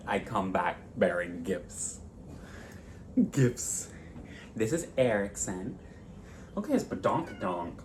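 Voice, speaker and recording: A man's voice: sits low, very animated, slow, pauses often, a little mellow, slight background noise. A young man in his twenties chatting casually with viewers in a home craft vlog, rambling and openly emotional. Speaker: cross-stitch vlogger. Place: home, indoors.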